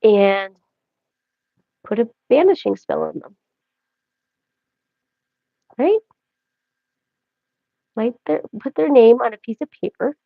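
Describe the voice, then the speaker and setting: A woman's voice: fairly high pitch, animated, slow pace, vocal fry, pauses often, dry recording. A woman hosting a casual livestream, rambling and joking as she talks straight to her viewers. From Canada. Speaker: livestream host. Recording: dry, dull lo-fi audio.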